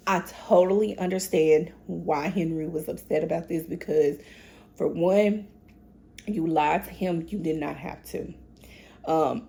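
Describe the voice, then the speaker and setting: A woman with a low, gravelly voice, chatty and opinionated as she recaps a TV episode. Her tone is mellow and dark, and she often breaks off to talk straight to the characters. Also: a little hiss or hum. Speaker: TV recap host. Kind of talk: casual show recap.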